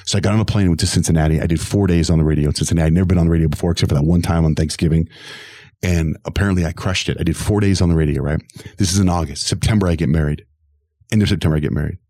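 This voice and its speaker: Fast-talking deep-voiced radio host. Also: male voice, no echo. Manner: animated, acts out quoted voices. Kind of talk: storytelling interview.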